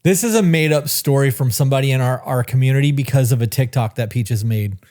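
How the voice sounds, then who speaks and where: A podcast co-host chatting casually, blunt and quick to swear and laugh. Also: medium pitch, mellow, dry recording, clean studio sound. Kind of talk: casual chat.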